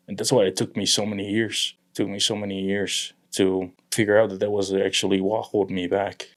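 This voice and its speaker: A young man from Tonga talking earnestly about his family in a conversation, with halting restarts. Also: lowish voice, creaky. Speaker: guest. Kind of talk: emotional personal conversation.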